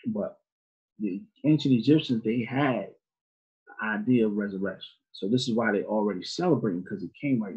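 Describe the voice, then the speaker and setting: A man's voice: on the low side, a little fast, warm tone, slightly rough. A man teaching an informal Sunday school class in a conversational way, asking his students questions, on a dull lo-fi recording.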